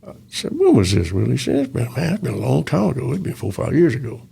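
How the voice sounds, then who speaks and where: Older guy, real gravelly and husky, folksy ex-cop telling stories. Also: mid-range voice, huge pitch swings, fast, mellow. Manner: folksy, acts out dialogue in quoted voices. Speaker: retired police officer storyteller. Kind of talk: casual storytelling interview.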